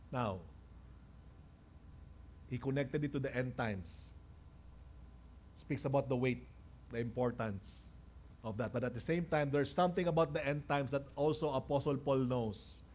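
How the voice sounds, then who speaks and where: A man's voice: mid-range voice, moderate pace, long pauses, darkish tone, a little hiss or hum. A man with a Filipino accent preaching a sermon, emphatic and repeating key lines, often checking in with his listeners. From Philippines. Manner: mixes Tagalog and English, keeps checking in with the congregation. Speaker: pastor. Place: church.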